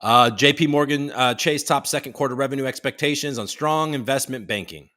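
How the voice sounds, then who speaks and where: A man's voice: medium pitch, a little fast, bright, forceful tone. A man hosting a casual livestream, reading news headlines aloud and tossing in joking asides. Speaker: host.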